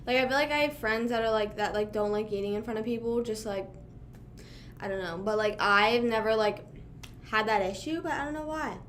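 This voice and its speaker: A woman's voice: a little high, brisk, a bit bright, slight background noise. A young woman from Pennsylvania chatting casually on a livestream, rambling with lots of "like" and "you know what I mean," sometimes talking while chewing. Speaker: streamer.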